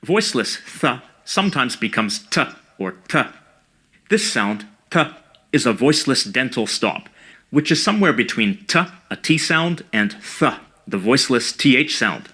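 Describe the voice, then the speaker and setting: Bright-voiced man narrating a linguistics lesson. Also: mid-range voice, sing-song, husky. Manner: measured, precise, explanatory. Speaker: language educator. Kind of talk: scripted educational narration.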